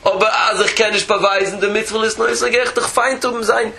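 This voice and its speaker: A man giving a Torah lecture as a rabbi, animated, with rhetorical questions and repeated phrases. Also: sits high, brisk, gravelly, poor audio.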